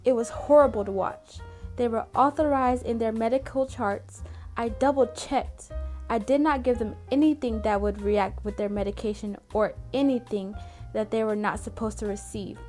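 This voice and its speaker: A man's voice: very high-pitched, normal speed, darkish tone, faint music behind, pitched above the performer's own voice. A man voicing a frightened young woman nurse who pleads earnestly in a shaky voice. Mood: pleading.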